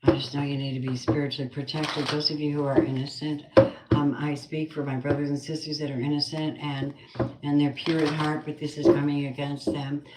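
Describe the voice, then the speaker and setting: A woman's voice: deep voice, little pitch movement, a little fast, reverberant, heavy background noise. A woman giving a spoken tarot reading with prayers, blunt and earthy, muttering asides to herself. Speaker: tarot card reader.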